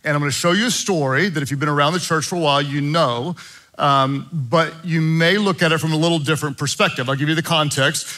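Male pastor, sermon, earnest, bright voice, fairly high pitch. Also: fast, low-quality recording. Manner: earnest, shifts between hushed prayer and animated storytelling.

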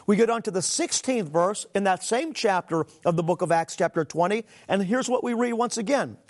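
A middle-aged male preacher delivers a teaching sermon in a noticeably high voice. He reads scripture aloud with earnest emphasis and keeps turning to speak directly to his listeners. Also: expressive, brisk.

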